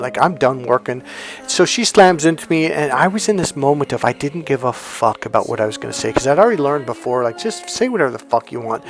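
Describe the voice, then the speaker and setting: Male dating coach, middle-aged, blunt and profane storyteller, middle pitch, faint music bed. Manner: blunt, swears freely, acts out quoted lines. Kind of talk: storytelling monologue to camera.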